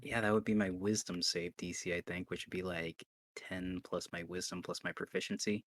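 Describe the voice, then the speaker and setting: A man playing a tabletop game, excitable and thinking aloud, often restarting his sentences. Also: low-pitched, normal speed, a little hiss or hum. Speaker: player. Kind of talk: casual tabletop game play.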